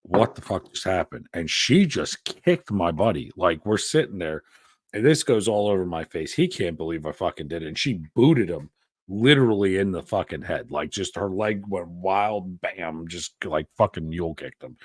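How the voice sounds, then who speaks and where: A man's voice: sits low, animated, moderate pace, no echo, clean studio sound. A man in casual podcast chat, telling crude stories with lots of swearing and laughter. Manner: crude, profane, laughing storyteller. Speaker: podcast co-host.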